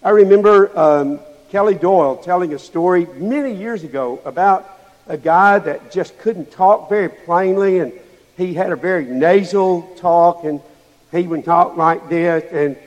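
A man's voice: sits high, a little slow, highs cut off. A man preaching a sermon to a congregation, asking them rhetorical questions as he goes. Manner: asks the listeners rhetorical questions. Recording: long hall reverb.

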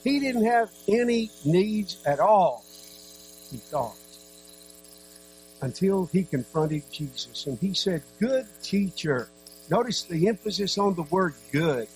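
A man preaching a sermon, earnest, with dramatic pauses and sudden drops to a soft voice. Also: high-pitched, expressive, slight background noise, low-quality recording.

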